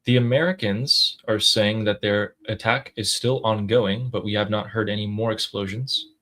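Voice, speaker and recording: A man's voice: fairly low pitch, fairly even intonation, normal speed, bright, forceful tone. A man hosting a casual news commentary, explaining events matter-of-factly. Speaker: host.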